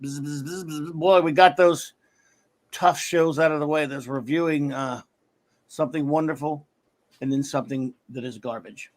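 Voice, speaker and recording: A man's voice: fairly high pitch, steady tone, normal speed, a little hiss or hum. A man hosting a live podcast stream, casually greeting viewers by name and rambling through show notes with lots of fillers. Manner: friendly roll call greeting viewers by name. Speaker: podcast host.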